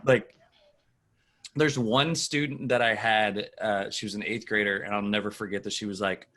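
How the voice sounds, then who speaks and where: A man's voice: on the low side, steady tone, moderate pace, sharp tone. A middle-aged man co-hosting a podcast, talking casually with many fillers. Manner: rambling, uses many fillers. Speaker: podcast co-host. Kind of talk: casual chat.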